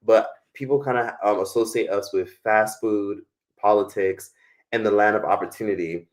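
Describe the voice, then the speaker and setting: A man's voice: fairly low pitch, fairly even intonation, normal speed. A young American man hosting a live stream, talking casually in a rambling, profane way with lots of fillers. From United States.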